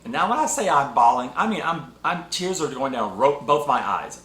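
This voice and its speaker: A man hosting a spiritual talk show, telling a personal story with emotional, animated delivery. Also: medium pitch, moderate pace, hardly any pauses. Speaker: podcast host. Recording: echoey room.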